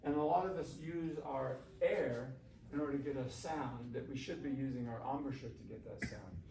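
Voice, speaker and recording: A man's voice: medium pitch, normal speed, creaky, warm tone. Male music teacher leading a workshop, chatty and coaxing, distant mic in an echoey classroom. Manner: conversational, coaxing, asks the class questions. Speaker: shakuhachi teacher. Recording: roomy, from far off, faint hiss.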